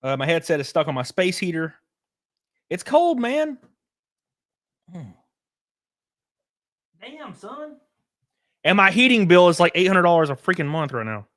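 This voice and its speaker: A middle-aged man, hosting a casual livestream, joking loudly and reading out chat messages. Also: high-pitched, very animated, normal speed, long pauses, no room sound, clean studio sound. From Alabama. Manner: loud, joking, reads chat. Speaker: streamer host. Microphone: headset.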